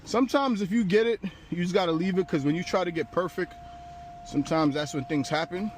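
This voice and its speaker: A man runs a laid-back towing vlog, talking to the camera as he works on a car and cursing casually along the way. His voice is high and fairly quick, and he sounds out of breath. He records outdoors on a street and inside a pickup truck, with faint street and vehicle noise behind him.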